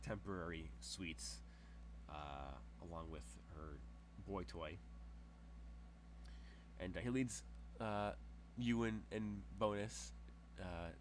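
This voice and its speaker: A man's voice: deep voice, slight background noise. A man narrating as game master in a rambling way, with many fillers as he describes scenes.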